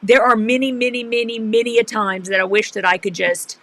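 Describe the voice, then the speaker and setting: A woman co-hosting a casual livestream, making slow, dry teasing remarks. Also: fairly high pitch, steady tone, fairly bright tone, low-quality recording.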